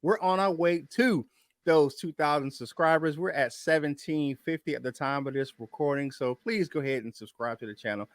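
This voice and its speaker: A man hosting a casual sports podcast, loose and excitable, laughing between points. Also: a little high, moderate pace, no echo, clean studio sound. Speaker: podcast host.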